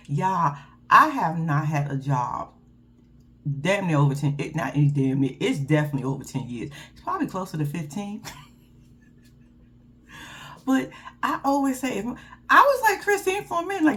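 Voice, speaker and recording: A woman, giving a casual, loud and profane recap of a reality show and laughing often. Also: medium pitch, sing-song, moderate pace, long pauses.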